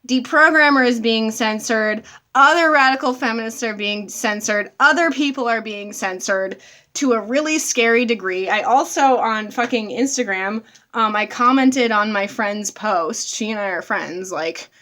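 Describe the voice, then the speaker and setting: A woman's voice: on the high side, moderate pace, pushed and bright. A woman vlogger, talking bluntly to her viewers, swearing freely and calling them y'all. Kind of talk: casual talk to camera.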